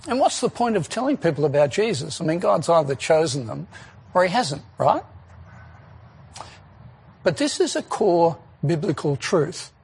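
A man preaching a sermon, earnest and emphatic, asking rhetorical questions and pausing on key words. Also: fairly high pitch, gravelly, darkish tone, husky.

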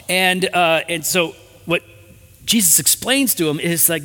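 Bright, high-voiced male preacher. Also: a little fast, in a large hall. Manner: animated, conversational preaching with asides. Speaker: pastor. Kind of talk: sermon.

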